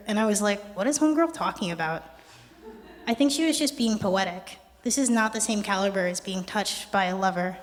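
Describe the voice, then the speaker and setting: Young adult poet, wry deadpan reading, mid-pitched voice, long gallery reverb. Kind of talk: poetry reading. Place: art gallery performance space.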